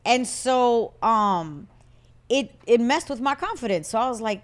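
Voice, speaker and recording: A woman in her thirties with a Puerto Rican-tinged northern US accent, co-hosting a casual podcast and telling a story in a lively, animated way. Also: on the high side, normal speed. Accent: Puerto Rican-tinged northern US English. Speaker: podcast co-host. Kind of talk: casual chat.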